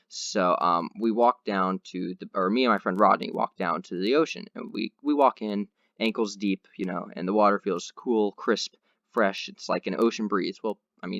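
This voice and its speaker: A man's voice: lowish voice, normal speed, fairly bright tone, no echo, dull audio. A man hosting a podcast, telling a long rambling anecdote in casual chat with lots of fillers. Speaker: podcast host.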